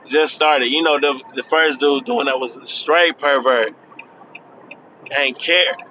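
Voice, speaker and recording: A man's voice: medium pitch, takes it slowly, bright, forceful tone, muffled recording, slight background noise. A man of thirty talking in a casual, chatty vlog from his car, laughing and admitting he is nervous. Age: 30s. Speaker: vlogger. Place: in a car on the freeway.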